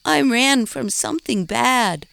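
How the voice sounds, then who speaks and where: A woman's voice: a little high, animated, takes it slowly, vocal fry, fairly bright tone, dry recording, voice pushed up, full character voice. A woman doing a timid little boy doll. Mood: nervous. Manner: nervous, hesitant.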